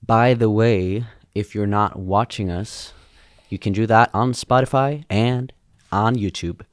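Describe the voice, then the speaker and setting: A man's voice: lowish voice, unhurried, dry recording, clean studio sound. A man co-hosting a podcast, chatting casually and playfully with frequent laughs. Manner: laughs often, playful banter. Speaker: podcast co-host. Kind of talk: casual chat.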